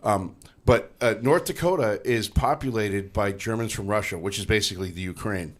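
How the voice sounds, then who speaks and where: A man's voice: fairly low pitch, normal speed. A man in casual podcast chat, telling stories and dropping into put-on voices for the people he quotes. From northeastern United States. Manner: storytelling with put-on voices, profane. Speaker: podcast co-host.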